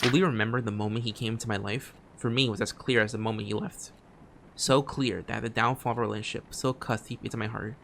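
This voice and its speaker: Low-voiced man reading game text. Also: gravelly, slight background noise. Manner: reads on-screen text aloud, stumbling and restarting phrases; drops quiet asides between read lines. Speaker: streamer. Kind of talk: gameplay commentary, reading game text aloud.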